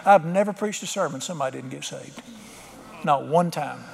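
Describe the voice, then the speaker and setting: A man's voice: on the high side, normal speed, gravelly, a little mellow, big-room sound. A man preaching a sermon, telling a story and building to fervent emphasis. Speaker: pastor.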